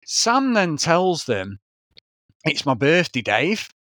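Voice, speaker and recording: A man's voice: on the high side, very animated, takes it slowly, fairly bright tone, dry recording, clean studio sound. A man, telling a rambling story in casual podcast chat, swearing often. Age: 40s. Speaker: podcast co-host.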